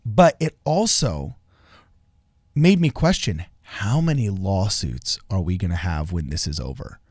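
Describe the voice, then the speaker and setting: A man's voice: low voice, big pitch swings, measured pace, darkish tone, no room sound, clean studio sound. A man co-hosting a political podcast, talking earnestly in a casual way, often restarting and repeating phrases, with bursts of laughter. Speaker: co-host.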